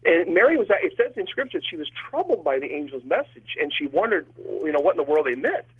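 A man's voice: on the high side, sing-song, fast, breathy edge. A man who is a priest, talking earnestly and with feeling in an interview, often restarting his sentences. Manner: earnest and emotional, with frequent restarts. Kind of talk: telling a personal story in an interview. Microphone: phone call. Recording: tinny phone line.

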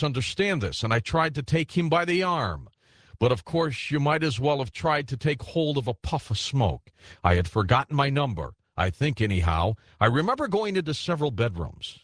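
A man reading a classic ghost story aloud as audiobook narration, telling it in a measured way and voicing the characters. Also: mid-range voice, dry recording, clean studio sound.

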